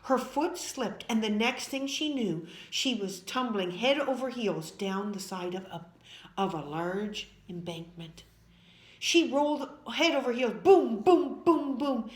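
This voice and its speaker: A woman reading a children's story aloud with dramatic, expressive delivery. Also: medium pitch, a little slow. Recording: echoey room.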